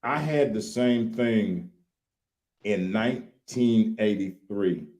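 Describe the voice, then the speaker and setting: A man in his late fifties from Louisiana with a Southern accent, co-hosting a casual livestream chat in a folksy, animated way. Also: on the low side, slow pace, a little hiss or hum. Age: late 50s. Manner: folksy, animated, repeats "look here". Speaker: co-host.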